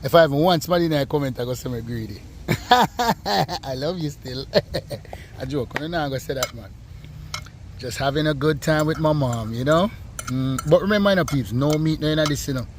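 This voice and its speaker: A man's voice: on the high side, lively intonation, fairly quick, a little hiss or hum. Playful Jamaican man joking in a kitchen. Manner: playful, joking, shouts out to fans. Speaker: co-host, son of the cook. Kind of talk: casual cooking vlog banter.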